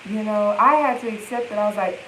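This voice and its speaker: A woman's voice: mid-range voice, fast, a bit bright, reverberant, a little hiss or hum, rough recording. A woman healing coach, livestreaming from her phone and speaking in emphatic, repetitive affirmations. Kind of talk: live-stream self-help talk.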